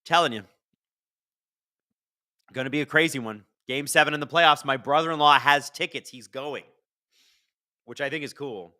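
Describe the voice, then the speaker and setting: A man hosting a live hockey watch-along, chatting and reacting loudly to plays. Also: fairly high pitch, moderate pace, pauses often, no echo, clean studio sound.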